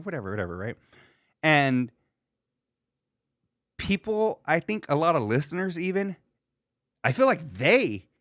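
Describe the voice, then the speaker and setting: Rambling, animated male podcast host. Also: medium pitch, dry recording, clean studio sound. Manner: rambling, slangy, acts out quoted lines in a raised voice. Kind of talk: casual solo chat.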